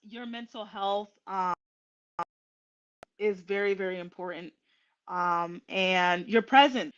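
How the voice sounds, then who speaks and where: A woman host talking slowly and emotionally to her viewers, with many pauses, ums and restarts, near tears. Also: medium pitch, smooth, muffled recording. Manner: tearful and emotional. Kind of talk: casual heartfelt livestream talk.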